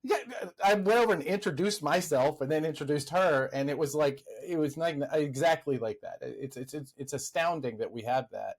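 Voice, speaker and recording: A man's voice: a little high, fairly quick, few pauses. A man hosting a podcast interview, chatting casually and responding with short affirmations. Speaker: podcast host.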